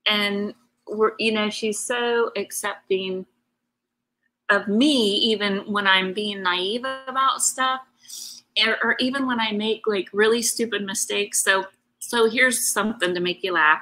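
A woman's voice: medium pitch, fairly even intonation, measured pace, bright, forceful tone, poor audio. A woman hosting a craft show, chatting casually and emotionally to her live viewers, rambling in a heartfelt way. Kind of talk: casual live-stream chat.

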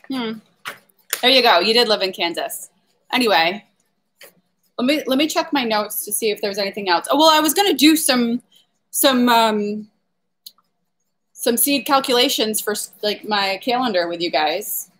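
A woman's voice: fairly high pitch, expressive, a little slow, long pauses, fairly bright tone. A woman flower farmer chatting on a casual live stream, reading viewer comments aloud and laughing often as she rambles.

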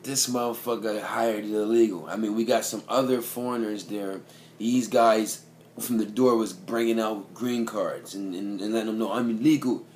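Low-pitched male vlogger, loose and profane storyteller, faint room hiss behind him. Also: fairly even intonation, moderate pace, a little mellow. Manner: profane, rambling, keeps asking "you know what I mean". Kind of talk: casual storytelling.

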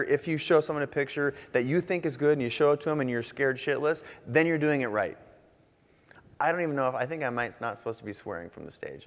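A man giving a casual, animated conference talk on stage, joking and sometimes swearing as he goes. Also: on the high side. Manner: casual, animated, jokey, swears now and then. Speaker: conference speaker, artist. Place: large conference hall on stage. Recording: long hall reverb.

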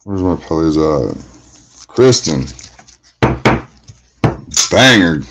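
A man's voice: a bass voice, very animated, drawn-out words, a little hiss or hum, rough recording. A man hosting a trading card break, calling out each card and greeting viewers, getting hyped at big pulls. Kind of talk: live card-breaking commentary.

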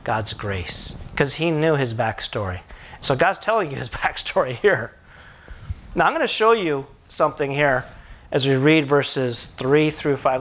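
Animated preaching man, fairly high voice. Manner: animated storytelling preacher, asks the congregation questions. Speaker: pastor. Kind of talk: sermon.

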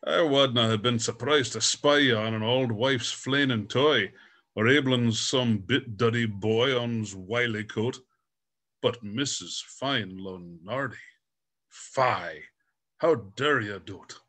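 Chaplain reading old Scots verse over a video call, put-on Scottish lilt, unhurried. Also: male voice, medium pitch, a bit bright. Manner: slow, deliberate reading. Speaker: Grand Chaplain reciting poetry. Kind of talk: poetry recitation in Scots.

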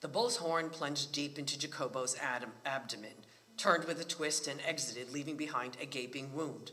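A man reading a novel aloud at a library book talk, with a measured storytelling cadence. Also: mid-range voice, sharp tone, big-room sound.

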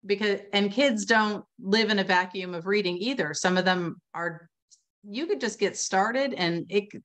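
A woman speaking in a casual webinar conversation over a video call, chatty and animated, full of "you know" and "like" as she explains reading instruction. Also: medium pitch.

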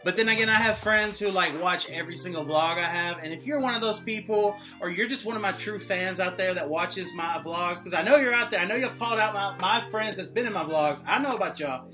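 Music plays behind a young male vlogger who speaks briskly in a high voice, hardly pausing. He chats casually to the camera, joking and rambling, leaning heavily on "like" and "y'all."

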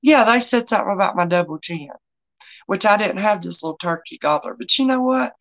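A woman's voice: medium pitch, expressive, a little fast. A middle-aged woman, hosting a live online sale in a chatty, folksy way and greeting viewers by name. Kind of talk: casual live-stream selling chat.

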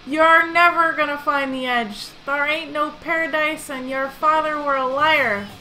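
A woman voicing a drunk old male pirate captain with a gruff, slurring taunt. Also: high-pitched, fairly even intonation, unhurried, sharp tone, faint music behind, voice pushed up, rough recording.

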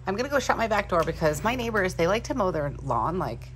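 A woman chatting casually at home as she unboxes planner supplies, excitable and gushing, thinking aloud as she goes. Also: lowish voice, fast, background noise. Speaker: planner vlogger. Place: home room.

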